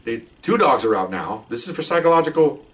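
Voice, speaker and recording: An older man, a retired police officer, telling a story in a casual, animated way, laughing and acting out voices. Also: medium pitch, a little fast, far from the mic.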